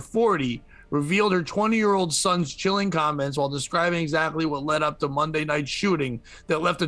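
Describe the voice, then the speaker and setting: A man with a slightly high voice tells a news story for laughs, swearing freely and acting out the people in it. The sound is dry and close, with no room around it. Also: a bit bright, no room sound. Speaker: podcast host. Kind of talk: comedic news commentary.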